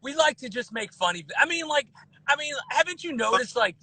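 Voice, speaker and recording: A man in his thirties guesting on a podcast, talking in an animated way with lots of restarts and repeated words. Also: very high voice, fairly quick, dry recording, rough recording. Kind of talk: casual podcast chat.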